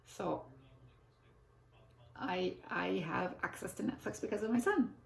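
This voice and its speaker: An older woman speaks unhurriedly in a creaky, medium-pitched voice. As a vlogger, she chats casually and meanders, occasionally breaking off to mutter forgetful asides to herself. The room is echoey.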